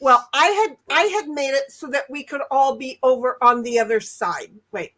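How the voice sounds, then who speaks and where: A woman with a notably high voice tells rambling stories to her co-host and chat. She keeps restarting her sentences, giggling along the way in easygoing livestream banter. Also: normal speed, fairly bright tone. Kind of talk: casual chat.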